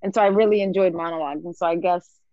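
A woman's voice: fairly low pitch, fairly even intonation, fast, dry recording, muffled recording. A woman hosting a podcast, chatting casually with a friend and reading a poem aloud, laughing often. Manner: laughs often, fillers and restarts. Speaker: podcast host. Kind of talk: casual chat and poetry reading.

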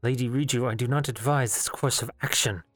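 A man's voice: medium pitch, normal speed, no room sound, soft background music, close to an everyday voice. A tall, fierce woman guard captain, read by a man, clipped and commanding. Her lines come short and hard, full of suspicion. The sound is dry and close. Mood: tense.

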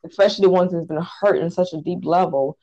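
A woman's voice: fairly low pitch, steady tone, quick pace, mellow. A woman guest speaking earnestly and emotionally about her life in an interview. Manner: earnest, emotional, near tears. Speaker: guest author. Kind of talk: personal testimony in interview. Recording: dull lo-fi sound.

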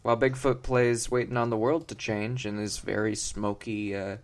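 A man co-hosting a comedy podcast, rambling on in a mock-earnest, deadpan way with many fillers. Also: lowish voice, moderate pace. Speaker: podcast co-host.

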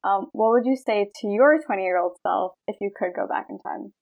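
A woman's voice: mid-range voice, moderate pace, creaky. A young woman in her twenties asks questions in a casual interview. She is friendly and a bit hesitant, with many fillers. The sound is a little dull. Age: 20s. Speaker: student interviewer.

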